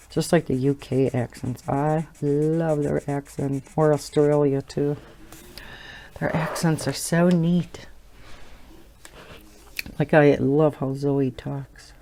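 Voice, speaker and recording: A woman's voice: a bass voice, warm tone. A middle-aged woman with a Wisconsin accent, chatting casually and rambling while she colors, laughing now and then. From Wisconsin, USA. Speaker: coloring channel host.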